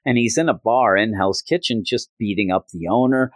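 Male podcast host, earnest rambling comic recap, low pitch, dry close sound. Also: moderate pace, no room sound. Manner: earnest, rambling, many fillers.

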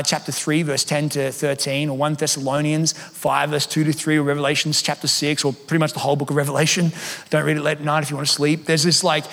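A pastor preaches with animated, emphatic energy, slipping into casual asides to his congregation. His voice sits fairly high for a man. The sound carries the long reverb of a large church hall. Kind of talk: sermon.

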